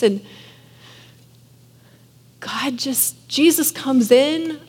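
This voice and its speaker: A woman's voice: high voice, takes it slowly, long pauses, in a large hall. A woman in her thirties, a mother, giving an earnest, casual devotional talk full of "like". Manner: earnest, many fillers of "like". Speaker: Christian speaker.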